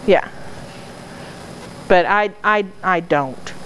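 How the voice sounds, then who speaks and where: A woman's voice: fairly low pitch, very slow, fairly bright tone, slight background noise, low-quality recording. Woman explaining rules at an audience Q&A. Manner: earnest, explanatory, laughs at herself. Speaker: speaker answering audience questions. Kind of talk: casual Q&A talk. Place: dog training club hall.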